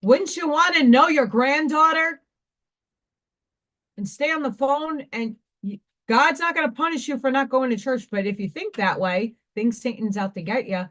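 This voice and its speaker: Hosting a craft livestream, a woman rants emotionally and tearfully in a casual monologue, repeating herself often. Her voice sits high and a bit bright, moving at a normal speed.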